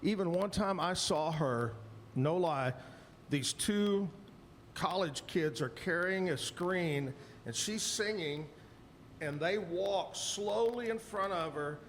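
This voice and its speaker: A man's voice: high-pitched, takes it slowly, long reverb tail, slight background noise. A man hosting a radio show, chatting casually, telling stories and introducing segments and sponsors. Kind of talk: casual radio chat and storytelling.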